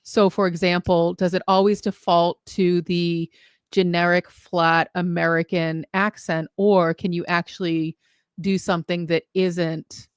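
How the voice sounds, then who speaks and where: A woman's voice: fairly low pitch, flat delivery, a little slow, clear, resonant tone, dry recording, clean studio sound. A woman co-hosting a casual chat, thinking aloud and asking thoughtful questions. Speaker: co-host.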